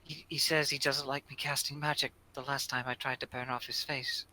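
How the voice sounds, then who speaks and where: A man voicing a timid, polite young male wizard who speaks quietly and haltingly. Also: mid-range voice, level tone, pitched above the performer's own voice, low-quality recording.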